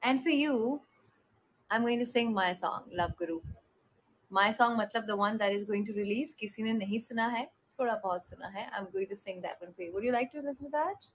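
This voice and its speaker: High-voiced Indian woman on a live stream. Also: very fast, rough recording. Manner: affectionate, greets viewers by name and blows kisses. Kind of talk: casual live-stream chat.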